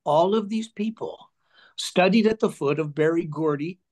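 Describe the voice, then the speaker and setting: An older man with a somewhat high speaking voice tells stories in a relaxed interview. He is animated and keeps slipping into little voices for the people he quotes. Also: moderate pace. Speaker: interview guest, musician. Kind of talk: casual conversation, storytelling.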